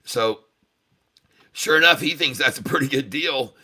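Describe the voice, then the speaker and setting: A man hosting a trading livestream tells a bawdy joke in a folksy, chuckling way. His voice is strongly bright and sharp. His pitch sits in the middle range. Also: a little slow, breathy edge. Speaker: day-trading livestream host.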